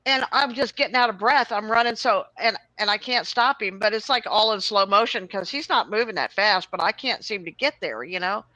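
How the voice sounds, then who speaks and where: Woman host rambling thru a story, bright sharp voice, dry close sound. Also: mid-range voice, brisk, hardly any pauses, dry recording, low-quality recording. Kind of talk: casual chat, storytelling.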